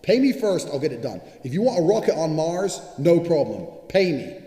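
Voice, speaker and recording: A man's voice: on the high side, very animated, moderate pace, dark tone. A man delivering a boastful, profane monologue straight to viewers, in a casual self-promoting style. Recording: roomy with long reverb.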